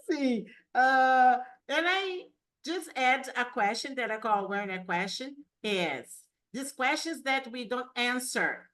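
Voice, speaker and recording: A woman with a Brazilian accent hosting a podcast interview over a video call, with slow, affirming talk. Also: fairly high pitch, fairly bright tone. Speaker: podcast host. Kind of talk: casual interview chat.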